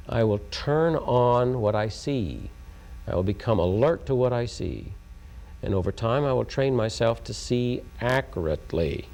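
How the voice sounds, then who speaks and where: A man from Oklahoma lectures on tape, emphatic and repetitive and full of rhetorical questions. His voice is gravelly. His pitch swings widely. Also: warm tone. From Oklahoma, USA. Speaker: lecturer on communication. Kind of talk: taped educational lecture.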